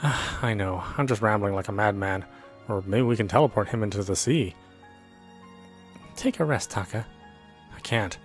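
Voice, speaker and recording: A man's voice: fairly low pitch, fairly quick. A man reading a visual novel aloud in an earnest first-person narration. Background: faint background music.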